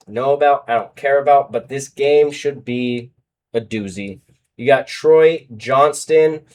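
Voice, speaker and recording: Rambling man calling betting picks. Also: medium pitch. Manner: rambling, self-correcting, swings between mumbles and loud outbursts. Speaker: sports betting host. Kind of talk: casual betting picks chat.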